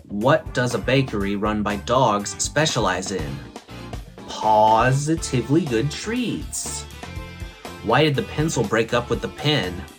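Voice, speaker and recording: Male comedy host, mid-pitched, playful and theatrical, corny one-liners over faint music. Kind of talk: comedic joke-telling monologue.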